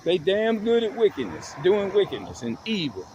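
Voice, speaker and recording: A man's voice: high-pitched, wildly swooping pitch, normal speed, darkish tone, slight background noise. A man ranting in an emphatic, repetitive monologue to his viewers, swearing as he drives his points home. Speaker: vlogger.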